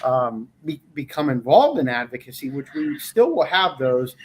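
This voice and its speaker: A man from an association discussing plans on a live webcast in a measured way, with many "you know" and "um" fillers. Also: medium pitch, big pitch swings, a little hiss or hum. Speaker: association staffer.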